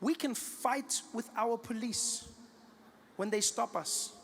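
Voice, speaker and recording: A man from South Africa performing a stand-up routine, telling animated stories and acting out the voices of people in them. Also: extremely high pitch, takes it slowly, big-room sound, slight background noise. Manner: animated storytelling, acts out voices. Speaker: stand-up comedian.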